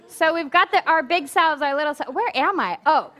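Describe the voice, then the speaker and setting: High, bright, giggly woman minister. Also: lively intonation, fairly quick, few pauses, some chatter behind. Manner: giggly and playful, laughing between phrases. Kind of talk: casual sermon talk to a congregation. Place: spiritual center service before a live audience.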